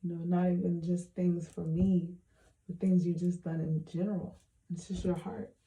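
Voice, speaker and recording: A woman speaking a heartfelt personal message into her hand-held phone, soft and halting with many pauses, close to tears. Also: fairly low pitch, little pitch movement, echoey room, low-quality recording. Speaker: vlogger.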